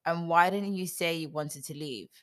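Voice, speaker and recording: An indignant old patriarch, read by a woman fires off one reproachful question after another. The voice sits low and stays close to plain storybook reading. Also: normal speed, close to an everyday voice. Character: indignant old male patriarch, grasping and accusing.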